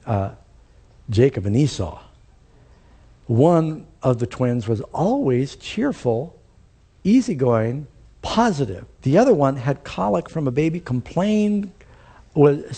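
A male pastor delivering a sermon in an animated preaching manner that rises to emphatic peaks. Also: mid-range voice, breathy edge.

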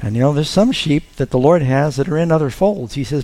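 Male pastor, sermon, storytelling delivery, voice sits a bit high. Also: expressive, brisk, mellow. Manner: storytelling, acts out quoted lines in a raised voice.

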